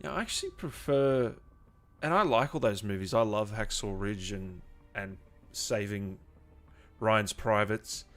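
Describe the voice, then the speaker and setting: A man hosting a live-stream gaming interview, chatty, excitable and informal, talking over a video call. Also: lowish voice, unhurried, soft background music. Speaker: gaming show host. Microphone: home microphone on a video call.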